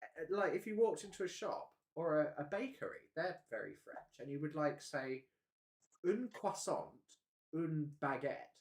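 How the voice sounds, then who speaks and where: A man's voice: on the high side, lively intonation, moderate pace. A man hosting a live stream, chatting casually and rambling with frequent hesitations and laughs. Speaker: livestream host.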